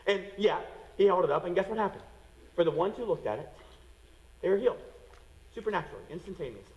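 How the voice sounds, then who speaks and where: A man preaching a sermon as a pastor, animated and acting out the voices of people in the story. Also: high voice, quick pace, pauses often, long reverb tail, poor audio.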